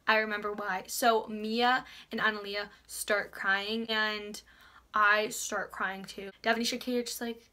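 A teenage girl telling a story in a casual vlog, breathless and excitable, sometimes dropping to a whisper. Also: medium pitch, a little slow. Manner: breathless storytelling, drops to whispers at tense moments. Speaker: vlogger.

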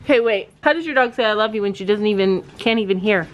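A middle-aged woman chatting casually in a family vlog, outdoors at a barn, talking to her dogs and horses. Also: fast talker. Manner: chatty, talks to pets in a high playful voice. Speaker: vlogger, mother.

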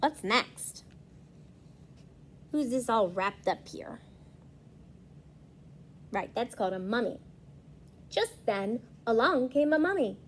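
A woman's voice: a little high, slight background noise. A woman reading a picture book aloud to young children as a preschool teacher, asking them questions as she goes. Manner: slow, lively storytelling, asking children questions.

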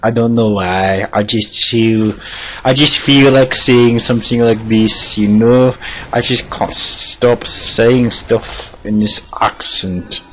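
A man putting on an odd foreign-sounding character voice with slow, broken, theatrical phrasing. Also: low-pitched, gravelly, a little hiss or hum, exaggerated voice. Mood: playful.

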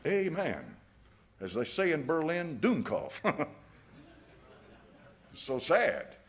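A man's voice: a little high, wildly swooping pitch, extremely slow. A man preaching a sermon in a folksy, emphatic way, chuckling at his own jabs. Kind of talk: fiery evening sermon.

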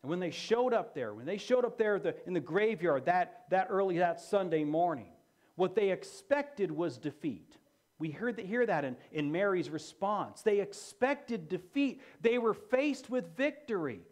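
Man, pastor, sermon, high voice, lively swooping delivery, emphatic repetition. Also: moderate pace. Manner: emphatic, repeats key phrases for effect.

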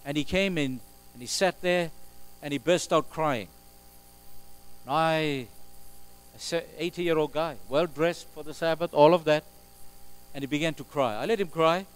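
A man's voice: fairly high pitch, a little slow, pauses often, smooth, rough recording. Emphatic male pastor preaching. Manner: emphatic, swings from loud exclamations to quiet asides. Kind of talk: sermon. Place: church sanctuary. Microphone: live stream recording.

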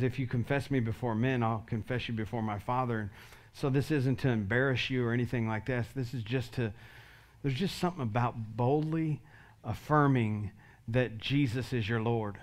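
A man's voice: medium pitch, moderate pace. A male pastor giving an earnest sermon altar call, leading the congregation in prayer line by line. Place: church sanctuary.

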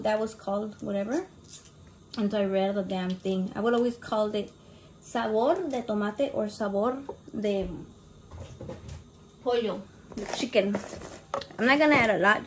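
A woman's voice: a little high, slight background noise. A brash woman chatting in a casual cooking vlog from her home kitchen, swearing constantly and mixing in Spanish words. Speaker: home cook vlogger.

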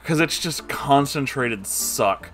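A man's voice: mid-range voice, expressive, slow, a bit bright, soft background music. Sarcastic man mocking a book. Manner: sarcastic, profane and exasperated. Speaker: book reading commentator. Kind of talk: comedic book commentary.

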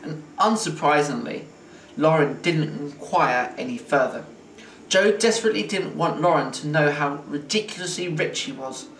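A man reading a children's chapter book aloud in an expressive, playful way, like a teacher at story time. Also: fairly high pitch, moderate pace. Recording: roomy, distant mic, faint hiss.

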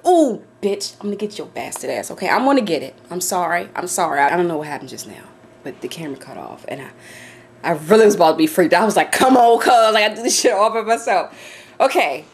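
A woman's voice: sits low, sing-song, fast talker, slight background noise. A woman vlogging to camera from her home office, swearing, laughing nervously and shrieking in fear. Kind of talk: casual vlog to camera.

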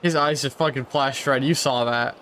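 A man's voice: medium pitch, steady tone, moderate pace, fairly bright tone, slight background noise. A man giving casual, playful commentary over a video game, muttering to himself and now and then putting on silly voices. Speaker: gameplay streamer. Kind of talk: casual let's-play commentary.

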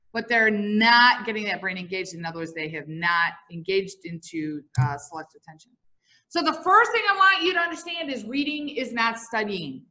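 Bright, high-voiced bouncy woman teacher. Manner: lively, bouncy, quizzes the audience. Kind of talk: classroom lecture with storytelling. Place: classroom before students.

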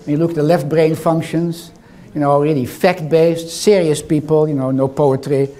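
A man's voice: on the high side, level tone, moderate pace, mellow. An older man with a foreign accent giving a lecture in a hall, teasing and quizzing the audience as he goes. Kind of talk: interactive lecture.

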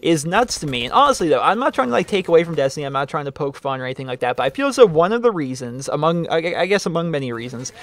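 Fast-talking man reading and answering viewer mail. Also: fairly high pitch. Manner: rambling, repeats himself, animated emphasis. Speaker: host answering viewer letters. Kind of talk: casual spoken commentary.

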